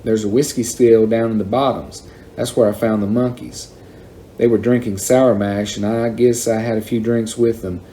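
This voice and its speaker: A man reading aloud and voicing a miserable boy who answers in a low, sheepish way. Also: fairly even intonation, moderate pace, mellow, a little hiss or hum, lightly acted.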